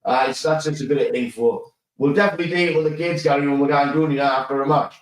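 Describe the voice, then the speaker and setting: A man co-hosting a casual football podcast, telling animated stories, laughing and swearing often. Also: fairly high pitch, fast talker. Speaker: podcast co-host. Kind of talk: casual chat. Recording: roomy sound, mic at a distance.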